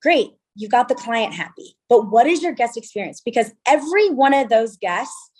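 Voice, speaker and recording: A woman in her thirties from California, a venue owner telling stories in an interview, chatty and animated with lots of quoted dialogue. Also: a little high, moderate pace, husky. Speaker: venue owner and wedding designer. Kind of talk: interview conversation.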